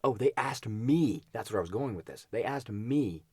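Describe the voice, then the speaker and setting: A man's voice: medium pitch, animated, normal speed, darkish tone, breathy edge, no room sound. A man co-hosting a podcast, chatting casually and telling a rambling story with frequent laughs and restarts. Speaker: podcast co-host. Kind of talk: casual chat.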